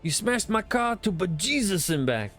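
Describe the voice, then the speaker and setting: A man voicing a crude, grumpy middle-aged cartoon neighbor with a gruff, barking manner, pitched well above his own voice. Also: sing-song, normal speed, fairly bright tone, soft background music, heavily acted. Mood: irritated.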